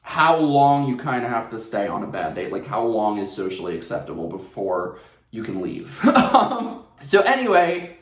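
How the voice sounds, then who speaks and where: A man telling a casual storytime at home, animated and sarcastic, laughing often. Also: fairly low pitch, moderate pace. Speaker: vlogger. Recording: roomy echo.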